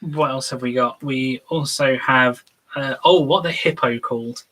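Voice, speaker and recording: A man's voice: mid-range voice, a little slow, fairly bright tone, a little hiss or hum, rough recording. A man co-hosting a casual tabletop gaming chat, talking in a rambling, hesitant way with lots of fillers. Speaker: co-host.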